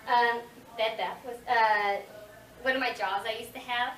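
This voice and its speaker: A woman's voice: fairly high pitch, fairly even intonation, a little slow, a bit bright. A woman guest voice actor chatting and laughing through a casual convention Q&A. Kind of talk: casual panel Q&A answers. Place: convention panel room. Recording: echoey room, distant mic, background noise.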